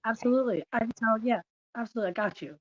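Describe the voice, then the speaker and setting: A woman's voice: fairly high pitch, rapid-fire, dull audio. A woman co-hosting a casual livestream, joking, laughing and swearing casually.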